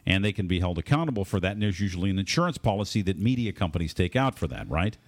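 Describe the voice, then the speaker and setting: A man with a fairly low voice hosting a radio talk show. He speaks in a steady, explanatory way and keeps the conversation moving by asking the others questions. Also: racing. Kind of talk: casual on-air chat.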